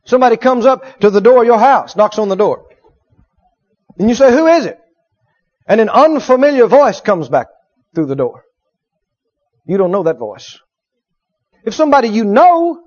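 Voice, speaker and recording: A man preaching a sermon, animated, acting out little dialogues and swinging from loud to hushed. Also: very high voice. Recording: dull lo-fi sermon recording.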